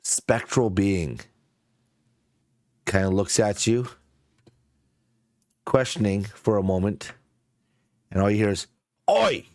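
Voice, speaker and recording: A man narrating a tabletop game as game master, in a halting way with fillers. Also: fairly low pitch, fairly even intonation, darkish tone, no room sound, clean studio sound.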